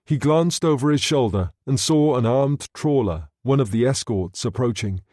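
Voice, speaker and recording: A man narrating an audiobook in a measured, steady reading. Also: medium pitch, no echo, clean studio sound. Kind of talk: scripted narration.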